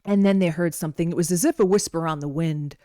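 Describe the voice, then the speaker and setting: This wellness presenter talks quickly in a fairly low, dark voice, teaching casually and wandering playfully into anecdotes and side comments. Though she's on a modest home mic, the audio is clean and echo-free, like a studio.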